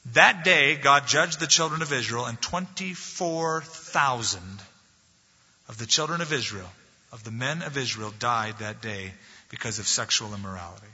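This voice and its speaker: A male pastor preaching a sermon, retelling a story with animated, emphatic delivery and a slightly husky voice. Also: mid-range voice, moderate pace. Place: church sanctuary. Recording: dull lo-fi recording in an echoey hall.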